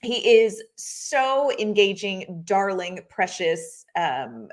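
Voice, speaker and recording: A woman's voice: mid-range voice, expressive, slow. Female co-host, enthusiastic, rambling, gushing casual chat. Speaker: podcast co-host. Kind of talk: casual sports podcast chat.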